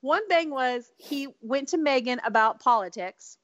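A woman co-hosting a podcast, telling a gossipy story in animated casual chat and laughing often. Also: sits high, measured pace, no echo, dull audio. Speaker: podcast co-host.

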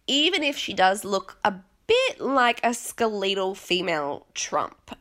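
A woman's voice: mid-range voice, sing-song, unhurried, fairly bright tone. A young Australian woman recapping a reality show in casual, rambling chat, sniffly and self-deprecating, with her voice tiring. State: sniffly, voice failing.

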